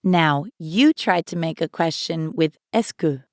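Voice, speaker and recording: A woman teaching a language lesson, saying each word slowly and clearly for learners. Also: low voice, darkish tone, dry recording, studio quality. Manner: slow, clear pronunciation for learners. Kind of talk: scripted lesson narration.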